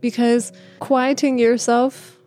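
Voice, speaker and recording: Woman, warm mellow voice, stutters, reflective personal talk, soft music behind. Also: on the high side, flat delivery, slow pace. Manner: stutters, with repeated words and restarts; laughs often, speaks in a gentle, reflective way. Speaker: speaker sharing a personal story.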